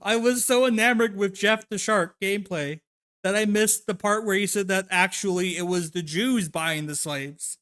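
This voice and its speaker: A man hosting a livestream, reacting to videos with rapid, profane, exasperated commentary. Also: sits high, fairly even intonation, sharp tone.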